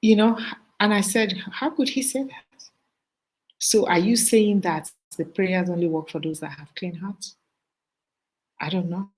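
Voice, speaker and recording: Husky woman hosting a live chat. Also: lowish voice, measured pace, poor audio. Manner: storytelling, animated, preachy asides. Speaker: host of a live chat stream. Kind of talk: casual live-stream chat.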